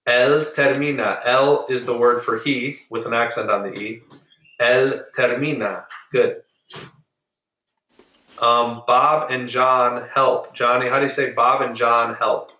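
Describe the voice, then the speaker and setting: Bright-voiced male tutor in a roomy room. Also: mid-range voice, distant mic. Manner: patient, drills words slowly and repeats them. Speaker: Spanish tutor. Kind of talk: online group lesson.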